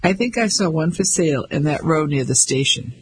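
A man with a raspy voice playing a pompous, patronizing English husband in his fifties who blusters hastily. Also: fairly high pitch, animated, a little fast, a little hiss or hum, natural voice, rough recording. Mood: smooth. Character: pompous 55-year-old English banker husband.

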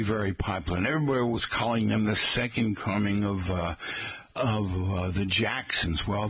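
A man's voice: on the low side, a bit bright, breathy edge, dry recording. A middle-aged man hosting a radio talk show, chatting in a folksy, rambling way and often addressing listeners as folks. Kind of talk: casual radio chat.

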